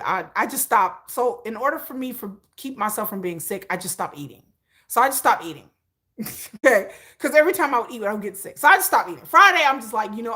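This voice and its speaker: Animated bright-voiced woman livestreamer. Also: mid-range voice. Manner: animated, chatty, rambling with restarts and acted-out asides. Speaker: livestream host. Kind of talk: casual storytelling livestream.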